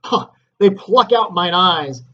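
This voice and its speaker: Dude reading a guilt-wracked noble guy, loud and anguished, slightly muffled. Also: high voice, animated, slow pace, voice pushed up, full character voice. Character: guilt-ridden nobleman, shaken and haunted.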